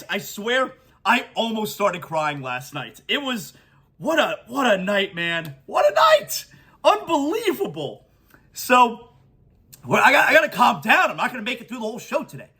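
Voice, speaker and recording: A man hosting a sports podcast, talking emotionally and excitedly in a monologue with many stammered restarts. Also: sits high, moderate pace, husky. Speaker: podcast host.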